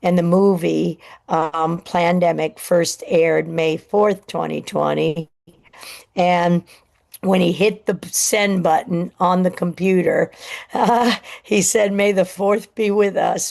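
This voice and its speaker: Gravelly woman telling a story. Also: on the low side, darkish tone. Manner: rambling, halting, many restarts. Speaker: show host. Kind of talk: emotional personal storytelling.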